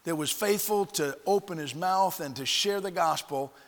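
A man preaching from the pulpit, spinning a story and voicing each person in it as he goes. His voice sits a bit high and comes across bright and forceful. A long reverb trails after him, as if he is in a church sanctuary. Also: moderate pace. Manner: animated storyteller acting out dialogue, frequent restarts. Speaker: pastor. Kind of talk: storytelling sermon.

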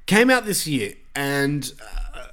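A man's voice: medium pitch, very animated, takes it slowly, a bit bright. Casual man hosting a podcast. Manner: loose, swears freely, many fillers. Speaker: podcast host.

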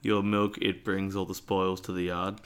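A man's voice: sits low, flat delivery, normal speed, clear, resonant tone. A man co-hosting a podcast in laid-back casual chat, dropping dry quips. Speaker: podcast co-host.

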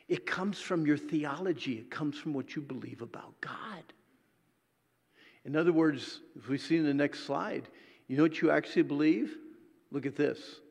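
A man preaching a sermon to a congregation, swinging between loud exhortation and hushed, intimate asides. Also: a little high, creaky, slightly rough, big-room sound.

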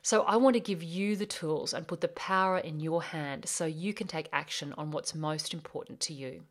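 A woman's voice: sits low, normal speed. A middle-aged Australian woman hosting a podcast, giving a scripted, earnest and upbeat motivational introduction. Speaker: podcast host and life coach.

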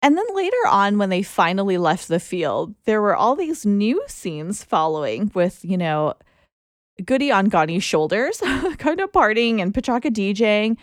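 A woman chatting casually and excitedly about a football final, laughing often and using lots of fillers. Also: medium pitch, moderate pace, no room sound, clean studio sound.

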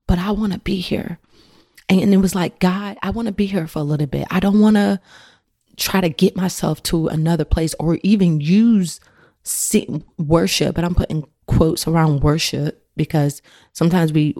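A middle-aged woman hosts a faith podcast in an earnest, conversational way, sprinkling her talk with "you know." Her voice sits low and sounds mellow. The recording is dry and close. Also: dry recording. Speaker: podcast host.

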